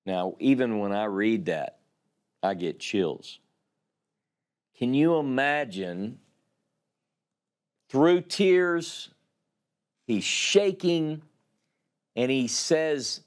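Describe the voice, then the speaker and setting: A man teaching a Bible class, reading scripture aloud slowly and dramatically and explaining it. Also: mid-range voice, big pitch swings.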